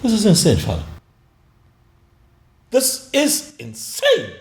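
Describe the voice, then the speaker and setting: An outraged young prince. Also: male voice, mid-range voice, huge pitch swings, a little fast, darkish tone, roomy sound. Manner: agitated, outraged.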